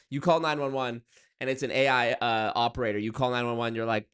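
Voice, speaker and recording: A man's voice: mid-range voice, a little fast, a bit bright, clear, resonant tone. A young man chatting loosely with his viewers on a stream, rambling and swearing. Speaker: streamer reacting to chat. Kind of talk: casual livestream chat.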